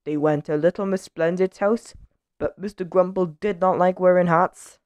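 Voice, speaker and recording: Lady reading a kids' storybook aloud, lowish voice, gentle and expressive, dry close sound. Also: moderate pace, no echo, highs cut off. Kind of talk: children's story read-aloud.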